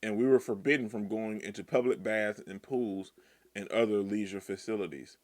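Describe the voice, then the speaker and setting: A man reading as a gentle old Komodo dragon. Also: lowish voice, steady tone, normal speed, natural voice. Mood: somber.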